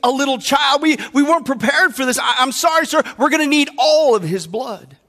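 A man voicing a hurried hospital doctor who pleads and apologizes in a story told from the pulpit. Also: very high voice, bright, forceful tone. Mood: urgent. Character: urgent male hospital doctor.

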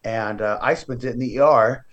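A man in his forties, a podcast guest in casual chat, telling stories with lively acted-out quotes while feeding a baby. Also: mid-range voice, normal speed, muffled recording. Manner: animated storyteller who acts out quoted voices.

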